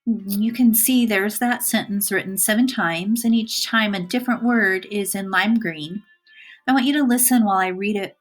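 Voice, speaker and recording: Teacher woman narrating a recorded lesson. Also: mid-range voice. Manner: clear, deliberate, stresses single words for emphasis.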